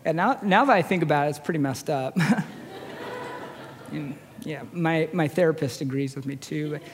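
A man in his forties with a high-pitched voice, a chaplain preaching a storytelling sermon in a conversational, self-deprecating way. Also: normal speed, slight background noise. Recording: long reverb of a large hall.

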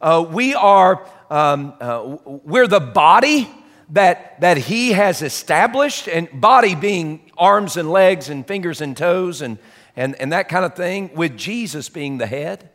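A man's voice: on the high side, animated, slow, a bit bright. A man preaching a conversational sermon as pastor, folksy and chatty with self-deprecating asides, in a church sanctuary. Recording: long hall reverb.

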